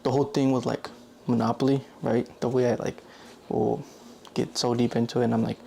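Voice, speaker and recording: A man's voice: mid-range voice, little pitch movement, a little fast, vocal fry, warm tone. A young man vlogging in a loose, rambling way, correcting himself often and filling gaps with "like". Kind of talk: casual rambling monologue.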